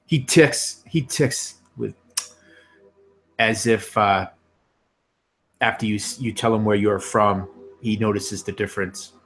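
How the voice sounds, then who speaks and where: A man narrating as game master of a tabletop game, talking with many pauses and fillers. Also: on the low side, steady tone, a bit bright, a little hiss or hum.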